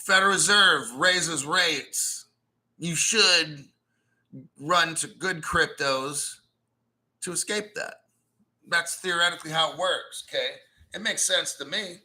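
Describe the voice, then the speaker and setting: A man hosting a casual crypto livestream, blunt and profane, clearing his throat often and reading viewer chat aloud. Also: fairly high pitch, sharp tone. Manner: mocks newcomers with sarcastic put-on quotes; reads and answers viewer chat messages. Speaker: crypto channel host.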